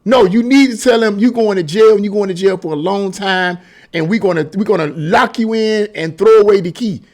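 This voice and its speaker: Agitated high-voiced man ranting. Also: a little fast, a little mellow. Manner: heated, repetitive, emphatic; mocking singsong asides. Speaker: commentary channel host. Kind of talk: angry political rant.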